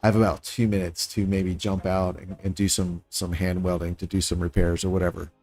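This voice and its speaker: A man's voice: low voice, flat delivery, fairly quick, darkish tone. A man streaming a building game, thinking aloud as he works and sizing up his own designs. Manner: thinking aloud, musing and self-critical; talks to chat viewers in passing. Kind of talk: casual live-stream commentary while building.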